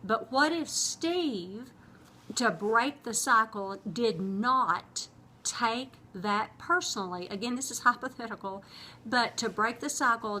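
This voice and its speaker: A woman's voice: fairly high pitch, sharp tone, slight background noise. A middle-aged woman, hosting her own vlog and talking about relationships in an earnest, conversational, teaching way. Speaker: host. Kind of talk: casual vlog talk on relationships.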